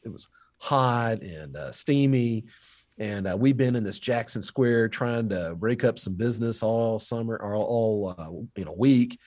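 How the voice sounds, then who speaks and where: A man who teaches history, telling faith stories in an interview with lively, animated delivery. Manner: animated storyteller, rising pitch when quoting others. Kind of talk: storytelling in a faith podcast interview.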